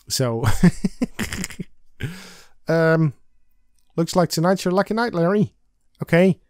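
A man's voice: on the high side, expressive, takes it slowly, pauses often, darkish tone, smooth, no room sound, clean studio sound. A man hosting a let's play of an old adventure game, reading its text aloud in a playful, giggly way. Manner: playful, giggly, sings and reads lines with silly emphasis.

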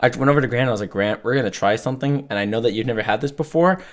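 A man's voice: medium pitch, racing. A man co-hosting a casual podcast, rambling through anecdotes and acting out the lines of people he met. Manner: rambling, acts out quoted exchanges. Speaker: podcast co-host. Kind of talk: casual chat.

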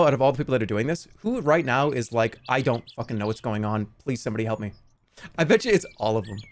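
A male streamer hosting a game contest, talking loosely into a desk mic. His pitch swings widely as he jokes, swears and laughs, and his voice sits at an ordinary middle pitch. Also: gravelly. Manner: jokey, profane, laughs often. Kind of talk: casual livestream commentary.

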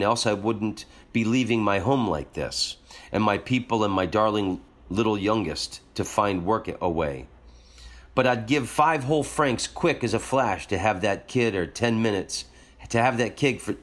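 A man's voice: on the low side, close to an everyday voice. A man reading as a blunt peasant wet nurse. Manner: blunt, plainspoken talk.

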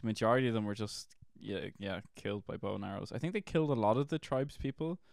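Lively young Irish man, dry sound. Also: on the low side, quick pace, gravelly, dry recording. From Ireland. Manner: animated, hedging with "like". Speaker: podcast co-host. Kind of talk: casual podcast chat.

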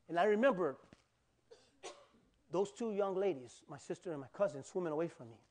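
Guy pastor preaching, kinda high voice, gets really animated telling stories, acts out yelling bits. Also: fairly quick, long pauses. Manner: animated storytelling with acted-out cries and asides. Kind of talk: sermon. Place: church.

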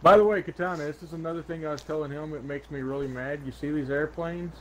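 A man's voice: fairly high pitch, steady tone, fast talker, a bit bright. A man playing a video game and commentating, sarcastic and ranting, swearing often. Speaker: gaming channel host. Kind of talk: casual gaming commentary.

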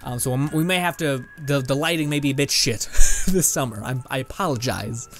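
A man's voice: mid-range voice, fairly quick, a bit bright, soft background music. A young man from Canada giving casual, rambling let's-play commentary, laughing often and swearing casually as he plays. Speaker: gaming video host. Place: home room with green screen and lights.

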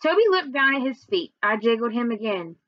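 Woman, teacher, reading aloud to class, fairly high voice, fillers, dull lo-fi dry recording. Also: sing-song, fairly quick, no echo. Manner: recaps with many fillers, then reads steadily. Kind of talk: reading a novel aloud to students.

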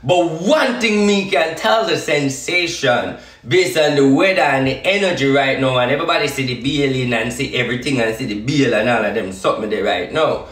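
A man's voice: mid-range voice, brisk, hardly any pauses, fairly bright tone, reverberant, recorded from a distance. A man with a Jamaican accent giving a defiant, repetitive live-stream address to his followers.

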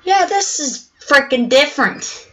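Excitable bright-voiced woman gaming. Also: sits high, unhurried, rough recording. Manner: excitable, exclaiming, swears often. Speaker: gameplay video host. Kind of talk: let's play gameplay commentary.

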